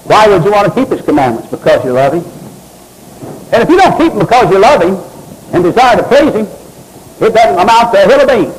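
Preaching in a high, sing-song voice, the pastor moves briskly but leaves long pauses, reading scripture and addressing congregants by name with swooping emphasis. It's a low-quality church recording with a bit of background noise.

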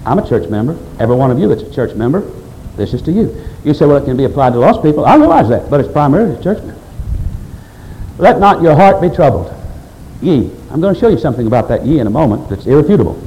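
Preacher with a lively, emphatic voice. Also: male voice, a little high, quick pace, highs cut off, a little hiss or hum. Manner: emphatic preaching, quoting scripture, rising and falling delivery. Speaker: pastor. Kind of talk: sermon.

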